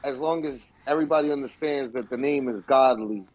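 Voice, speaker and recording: A young man co-hosting a podcast in casual chat, telling stories with lively acted-out quotes. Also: medium pitch, brisk, rough recording. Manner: animated storytelling, acts out quotes. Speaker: podcast co-host.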